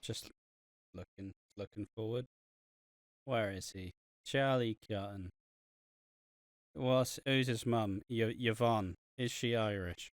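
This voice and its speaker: A man's voice: lowish voice, slow pace, pauses often, no echo, studio quality. A man co-hosting a podcast, rambling and swearing as he chats and often laughs. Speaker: podcast co-host reviewing a soap. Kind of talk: casual podcast chat.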